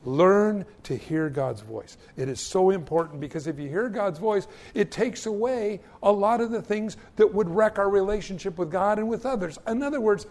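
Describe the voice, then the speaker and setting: A man's voice: sits high, expressive, moderate pace, hardly any pauses, a little mellow. A male pastor preaching a sermon, telling stories with self-mocking humor and stammered restarts.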